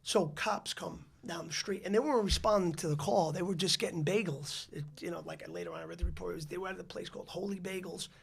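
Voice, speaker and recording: A man's voice: sits high, fast, creaky, few pauses, slightly rough. A man, a podcast guest telling a long story in a rambling way, with many restarts and fillers. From the Bronx, New York City. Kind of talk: casual storytelling interview.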